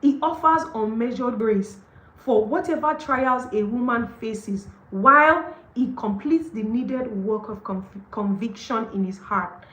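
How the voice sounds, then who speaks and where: A woman, on the higher side in pitch, hosts a devotional book study. She reads a passage and then gushes over it, with plenty of laughs and fillers like "like" and "okay". Her voice rings in an echoey room. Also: a little slow. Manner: gushing and excited, often laughs, leans on "like" and "okay". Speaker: host of a book study session. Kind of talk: livestreamed devotional book reading and commentary.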